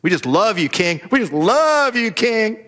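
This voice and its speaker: A man voicing scheming courtiers who flatter a king in a sugary, fawning tone. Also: high-pitched, a little fast, a little hiss or hum.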